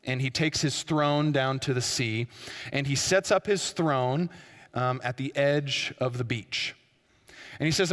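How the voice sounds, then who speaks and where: A man's voice: mid-range voice, measured pace, a bit bright, long reverb tail. A man preaching a sermon, telling a story with frequent fillers and restarts. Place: church.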